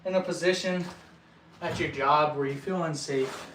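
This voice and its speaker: At an indoor building site, a young El Paso, Texas man talks casually to his viewers, short of breath and earnest, with frequent restarts. His slightly high voice keeps a fairly even intonation, captured by a far-off mic in an echoey space with heavy background noise.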